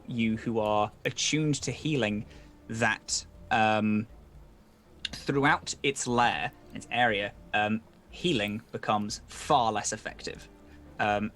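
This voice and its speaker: A man's voice: medium pitch, fairly bright tone, a little hiss or hum. A man narrating a tabletop game as game master, casual and swearing, with many ums.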